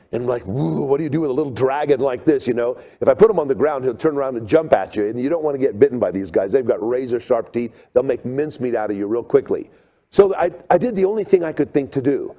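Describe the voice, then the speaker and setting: Animated man telling a seminar story. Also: medium pitch. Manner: animated storyteller, acts out scenes. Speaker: creation seminar speaker.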